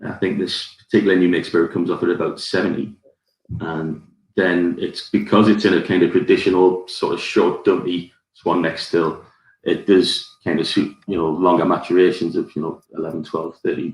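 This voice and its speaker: A man's voice: deep voice, little pitch movement, moderate pace. A man with a Geordie accent hosting a live whisky tasting, rambling through his tasting notes with plenty of fillers. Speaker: whisky society ambassador. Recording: roomy echo.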